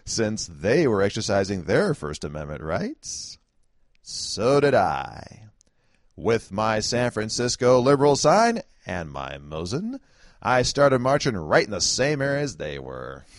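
A man spins a first-person story in a wry, conversational monologue, tossing in chuckling asides. His voice sits a little low yet swings widely in pitch. The sound is dry and close, with no room around it. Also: no echo. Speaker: political commentator.

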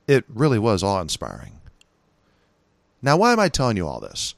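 Folksy, lively-voiced Californian man podcasting. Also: lowish voice, brisk, gravelly, no room sound. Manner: folksy and chatty, with lively emphasis. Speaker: podcast host. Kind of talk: casual solo podcast talk.

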